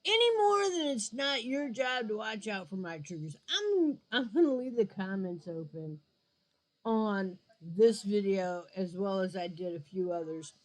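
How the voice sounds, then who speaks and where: A woman's voice: mid-range voice, expressive, a little slow, poor audio. A woman vlogger and gamer giving her blunt, emphatic opinion to her viewers, with mocking asides. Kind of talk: frank opinion vlog.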